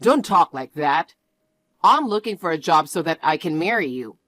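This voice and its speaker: A woman's voice: sits low, big pitch swings, moderate pace, a bit bright, no echo. Woman voicing a defensive young fiancé. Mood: annoyed. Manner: defensive and demanding. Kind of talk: storybook narration.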